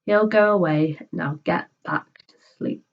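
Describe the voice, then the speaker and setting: A woman's voice: fairly low pitch, a little slow, lo-fi sound. A woman voicing a sleepy father who waves off his son while reading a storybook aloud. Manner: drowsy, dismissive.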